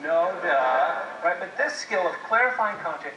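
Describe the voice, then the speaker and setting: A marriage seminar speaker with a fairly high, sharp, lively voice talks at normal speed, telling jokey stories and putting questions to the audience. The talk is a video playing on a TV in a classroom, heard echoey and from far off, with slight background noise.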